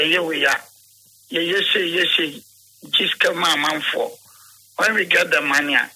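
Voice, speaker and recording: A man's voice: fairly high pitch, pushed and bright, husky, low-quality recording. A man with a Ghanaian accent being interviewed, telling a rambling story, switching between English and Twi and acting out the dialogue he quotes.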